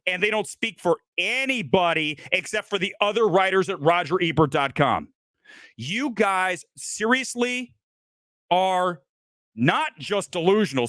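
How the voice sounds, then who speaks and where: Man, host, angry profane rant, lively swooping pitch, slightly high voice, dry close sound. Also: no echo. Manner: angry, profane, sarcastic ranting; mocking put-on accent in quotes. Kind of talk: heated movie rant, live stream.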